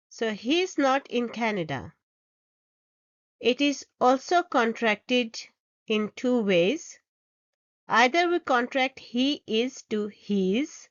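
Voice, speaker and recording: A woman's voice: a little high, no room sound, lo-fi sound. A woman teaching English grammar, reading example sentences aloud and explaining each step patiently. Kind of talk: slow, deliberate grammar lesson.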